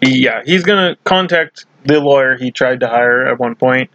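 A man's voice: mid-range voice, normal speed, no room sound, highs cut off. A man co-hosting a podcast, chatting casually about a sitcom episode and laughing now and then. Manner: relaxed, laughs often, recounts scenes. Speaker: podcast co-host. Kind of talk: casual episode recap chat.

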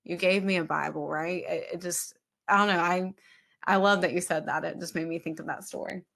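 A woman's voice: lowish voice, steady tone, brisk, vocal fry. Reflective woman hosting a faith podcast. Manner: reflective, soft, searching for words. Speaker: podcast host. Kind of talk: casual faith podcast chat.

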